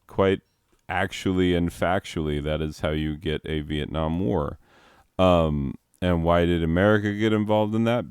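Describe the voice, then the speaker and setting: A man with a very low, smooth, resonant voice talks slowly and unhurriedly over a game. He rambles off into history tangents and laughs at his own jokes. The sound is close and dry. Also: a little mellow, no echo. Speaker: game video host; teacher. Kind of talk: casual gaming commentary.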